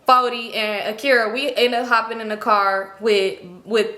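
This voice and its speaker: Bright, animated young woman telling a story. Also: a little high, moderate pace. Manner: animated, slangy, quotes others in small voices. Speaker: vlogger. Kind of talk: casual storytime. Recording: echoey room.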